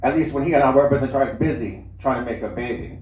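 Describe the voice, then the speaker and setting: A man's voice: mid-range voice, quick pace, lo-fi sound. A man reading a first-person story aloud at a live show in a lounge, in a conversational, storytelling way. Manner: conversational storytelling with small restarts. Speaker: reader. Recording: roomy lounge, mic at a distance.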